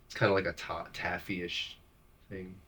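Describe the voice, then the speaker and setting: A man's voice: sits low, level tone, normal speed, sharp tone, a little hiss or hum. Easygoing man from New York chatting. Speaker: guest musician. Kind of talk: casual comedic chat.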